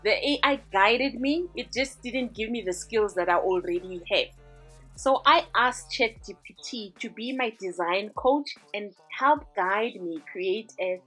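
Chatty woman doing a design tutorial voiceover, bit breathy, upbeat, faint music under it. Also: medium pitch, a little slow, a bit bright. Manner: upbeat, chatty, walks through steps. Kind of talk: screen-recording tutorial voice-over.

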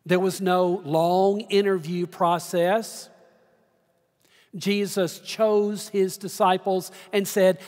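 A man preaching from the pulpit, his voice sitting high and his words measured out slowly. He tells stories with deliberate, dramatic pauses, and a long reverb trails after him through the sanctuary. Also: level tone, darkish tone. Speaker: pastor. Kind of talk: sermon. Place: large church sanctuary.

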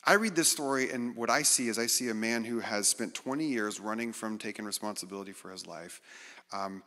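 A middle-aged man giving a conversational, animated sermon as guest speaker, acting out quotes with self-deprecating humor. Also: on the low side, brisk. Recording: reverberant hall.

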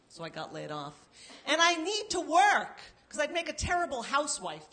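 A woman's voice: on the high side, sing-song, brisk, pushed and bright, a little hiss or hum. A woman doing stand-up with punchy storytelling. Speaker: stand-up comic. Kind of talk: stand-up set.

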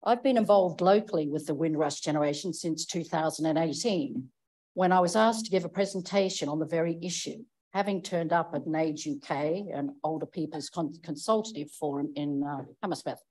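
A woman councillor giving a prepared, measured and earnest speech in a council chamber. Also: deep voice, a little mellow, low-quality recording.

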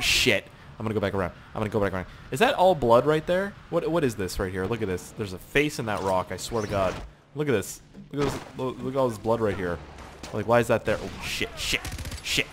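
A young man casually commenting on his gameplay with excitable, profane wisecracks. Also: mid-range voice, brisk, slight background noise. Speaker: gaming channel host. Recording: loud gunfire and game audio behind. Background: game gunfire and explosions.

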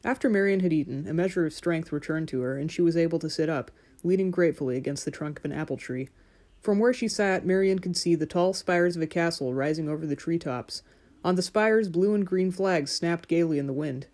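A woman narrating a fairy-tale audiobook in a measured, gentle storytelling manner. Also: lowish voice.

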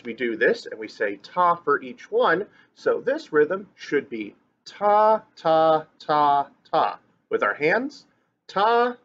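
On a dull lo-fi recording, a male music teacher with a medium-pitched, slightly bright and slightly rough voice gives an online lesson to grade school children. Filmed on camera in a classroom or at home, he teaches them to read rhythms, chanting note syllables and cheering them on.

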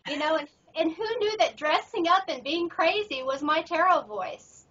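A woman's voice: very high voice, expressive, moderate pace, a bit bright. A middle-aged woman, a professional tarot reader, chatting upbeat about her work as an interview guest. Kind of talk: casual interview chat. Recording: muffled audio from far off the mic.

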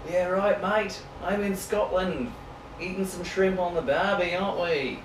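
A man's voice: sits high, measured pace. A man voicing a brash, cheery mock-Australian bloke as a joke, in a backstage dressing room. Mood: jokey. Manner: jokey, put-on accent. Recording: echoey, distant, noisy room.

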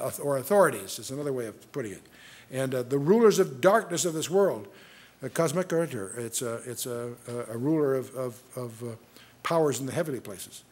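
A man's voice: medium pitch, husky. A man giving a Bible study lecture in an earnest teaching tone, reading scripture aloud with rising emphasis and often restarting his sentences.

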